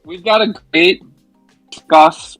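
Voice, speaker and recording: A man's voice: high voice, slow, a bit bright, faint music behind, low-quality recording. A man playing an angry team manager who storms in to complain, indignant and accusatory. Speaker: rival team general manager. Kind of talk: mock-angry comedy bit.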